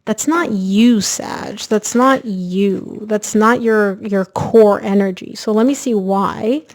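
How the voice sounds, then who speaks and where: A woman giving a casual, energetic tarot reading, chatting directly to her viewers. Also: medium pitch, takes it slowly. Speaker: tarot reader.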